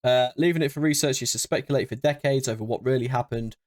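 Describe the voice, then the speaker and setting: A man's voice: mid-range voice, fast, darkish tone, dry recording. A man co-hosting a casual podcast who chips in with short wry remarks and reads a passage aloud. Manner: short wry interjections, laughs easily. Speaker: podcast co-host.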